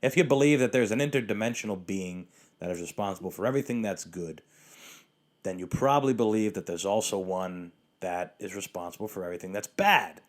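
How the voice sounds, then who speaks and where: On his solo podcast, a male host with a fairly low voice rambles through a sarcastic, profane rant at a brisk clip. He keeps restarting sentences, relies heavily on filler words, and has the hiccups throughout.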